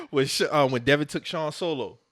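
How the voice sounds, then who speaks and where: Bright, animated male podcast co-host. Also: a little high, moderate pace, dry recording, studio quality. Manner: animated, profane, acts out characters' lines. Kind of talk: casual chat retelling movie scenes.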